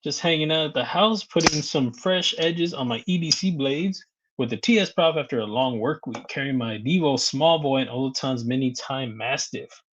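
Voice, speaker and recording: A man's voice: medium pitch, moderate pace, fairly bright tone, highs cut off. A man hosting a casual live stream, greeting viewers by name, reading their comments aloud and laughing often. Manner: chatty, reads out viewer comments and greets them; laughs often between remarks.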